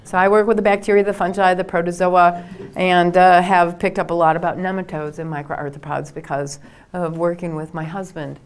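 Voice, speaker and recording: An older woman from Minnesota with a Minnesotan accent, a soil scientist giving a lecture, emphatic and slowing down to stress her points. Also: lowish voice, level tone, clean tone.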